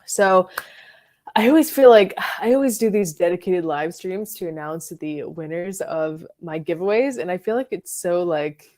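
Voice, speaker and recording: Her voice on the low side, mellow and expressive at normal speed, a Floridian woman runs a laid-back fragrance livestream. Chatty and loose, she responds to viewers' live comments with plenty of "like" and "um."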